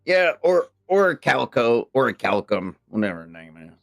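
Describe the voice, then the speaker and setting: In character as a player in a tabletop role-play, a man rambles and gets flustered, fumbling names. His mid-range voice is creaky, swings widely in pitch, and moves at a moderate pace.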